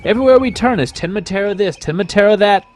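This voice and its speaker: Dude doing a chirpy young lady lawyer from a game, squeaky high voice. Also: fast, darkish tone, natural voice. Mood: eager. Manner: eager, chirpy. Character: bubbly young female lawyer partner. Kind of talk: reading game dialogue aloud.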